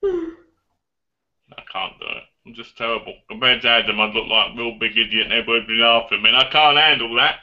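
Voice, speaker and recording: A man's voice: mid-range voice, very animated, brisk. An English man chatting and joking casually with friends, self-deprecating, on a dull lo-fi recording. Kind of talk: casual chat.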